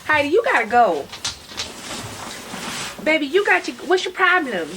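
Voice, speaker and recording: A woman's voice: high-pitched, big pitch swings, normal speed. A woman vlogging at home, chatting and teasing casually as she unboxes a delivery. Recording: distant mic, noisy room.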